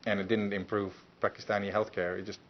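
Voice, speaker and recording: A man with a somewhat low voice lecturing a university class, loose and conversational, full of fillers and restarts. The classroom recording sounds muffled, with a faint hiss underneath. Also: flat delivery, quick pace.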